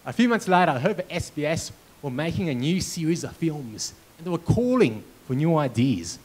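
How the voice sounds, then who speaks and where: A man's voice: a little high, moderate pace, poor audio. A man giving a motivational keynote speech at a conference, telling personal stories with comic timing. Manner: animated storyteller, comic timing. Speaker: keynote speaker. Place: conference hall.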